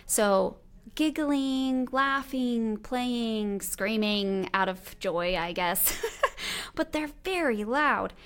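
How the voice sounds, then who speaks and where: Gravelly-voiced woman podcast host. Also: a little high, extremely slow. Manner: enthusiastic, affirming, chatty. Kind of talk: casual interview chat.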